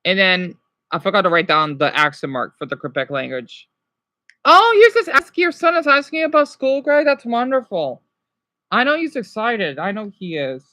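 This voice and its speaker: A man's voice: high voice, lively intonation, moderate pace, sharp tone, no echo, studio quality. A man casually teaching French words on a livestream, rambling and correcting himself while answering chat.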